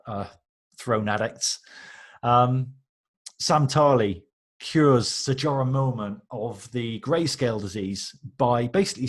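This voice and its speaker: Husky-voiced man telling a lively story. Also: mid-range voice. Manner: animated, acts out quoted reactions. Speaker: podcast guest, author. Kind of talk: casual interview storytelling.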